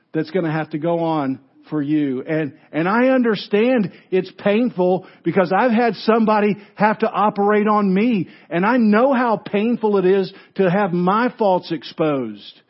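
A man preaching a sermon as pastor, telling stories with animated delivery and frequent restarts. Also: high-pitched, a little slow, highs cut off. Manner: animated storytelling with repeated restarts.

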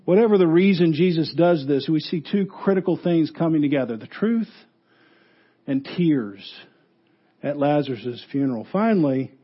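High, husky preaching man. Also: expressive, moderate pace, dull audio. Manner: earnest, swells for emphasis then drops low and soft. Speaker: pastor. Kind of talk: funeral sermon.

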